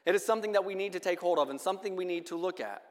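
His high voice carrying through a church hall with long reverberation, a preacher delivers a sermon. He moves steadily and reads passages of scripture aloud.

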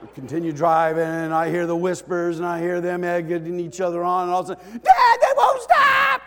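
A middle-aged man preaching a sermon, animated and emotional, swinging from hushed lines to shouts with joking asides. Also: fairly high pitch, quick pace. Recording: echoey church hall.

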